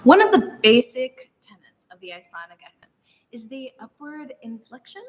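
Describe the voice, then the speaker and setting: Deadpan fast-talking comedic woman narrator. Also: high voice, slight background noise, rough recording.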